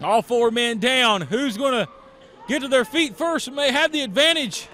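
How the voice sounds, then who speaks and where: Excitable male ringside announcer, very high pitch, frequent shouts and exclamations. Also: normal speed. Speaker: play-by-play wrestling commentator. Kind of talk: excited live play-by-play commentary.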